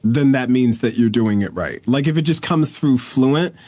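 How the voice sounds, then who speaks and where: A man's voice: medium pitch, lively intonation, normal speed, warm tone, no room sound. A man hosting a podcast, chatting casually, restarting his sentences and often agreeing with "right" and "exactly.". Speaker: podcast host.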